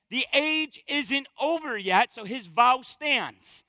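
A man's voice: very high-pitched, expressive, slow, pushed and bright, no echo, low-quality recording. A pastor preaching a sermon to his congregation, with emphatic, punchy stresses.

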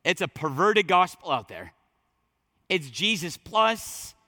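A man preaching a sermon to his congregation, talking straight to them with emphatic, conversational delivery that drops low and surges back up. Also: very animated, takes it slowly, bright, forceful tone. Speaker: pastor. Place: church sanctuary.

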